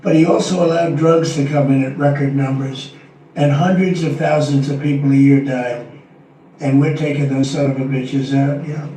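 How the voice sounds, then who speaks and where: A man's voice: medium pitch, fairly even intonation, normal speed, dark tone, far from the mic, slight background noise. An older man speaking at a press event in an emphatic, repetitive, rambling way. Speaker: president answering press questions. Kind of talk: press conference remarks. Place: large formal meeting room. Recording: echoey room, off-mic.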